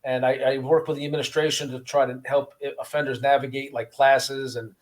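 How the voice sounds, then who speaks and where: A man, a former prisoner, telling his story in a casual interview with an earnest, halting manner, often repeating words. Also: mid-range voice, little pitch movement, a little hiss or hum. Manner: earnest, repeats words, acts out guards' voices.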